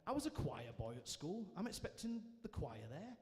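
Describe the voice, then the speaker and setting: A man giving a personal testimony to a live audience, telling it as a lively story with self-mocking humour. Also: a little high, moderate pace. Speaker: guest speaker sharing his testimony. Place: large church hall, indoors. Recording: reverberant church hall.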